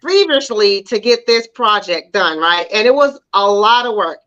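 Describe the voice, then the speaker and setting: A woman's voice: medium pitch, lively intonation, moderate pace, a bit bright, highs cut off. A woman co-hosting a casual talk show, chatting about TV episodes and acting out her own reactions in quoted asides. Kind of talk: casual chat about TV shows.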